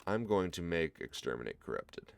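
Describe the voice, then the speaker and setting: A man with a Midwestern accent, casually commenting on his own card game run and thinking out loud to viewers. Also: low voice, sing-song, normal speed, creaky. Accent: American Midwest. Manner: thinks aloud, explains card choices to viewers. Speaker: gameplay commentator. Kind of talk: relaxed let's-play commentary.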